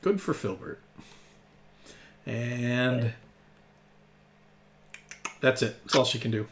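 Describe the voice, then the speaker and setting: A man's voice: mid-range voice, slow, slight background noise. Easygoing man running a tabletop game. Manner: casual, laughs often, thinks aloud while tallying rolls. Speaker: game master.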